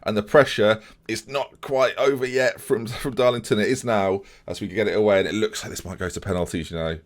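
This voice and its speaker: A young man commentating his own video game match, fretting one moment and shouting the next. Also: lowish voice, brisk, hardly any pauses. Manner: excitable, swings from fretting to shouting.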